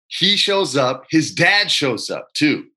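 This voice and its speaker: A man in his forties, a guest telling animated, slangy stories with laughter over a video call from his home. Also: on the high side, takes it slowly. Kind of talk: casual storytelling interview.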